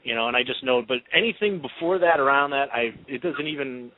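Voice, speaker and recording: A man's voice: medium pitch, fairly quick. A man co-hosting a casual hockey radio chat, rambling and hesitant with many fillers. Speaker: blog podcast co-host. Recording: tinny phone line.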